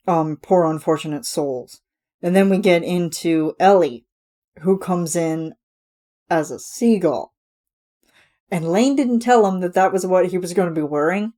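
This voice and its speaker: A woman's voice: fairly low pitch, dark tone. A woman hosting a podcast, chatting casually and enthusiastically with lots of fillers, her voice a bit ragged. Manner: rambling, enthusiastic, many fillers. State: voice getting ragged. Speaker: podcast host reviewing a music video. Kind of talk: casual chat.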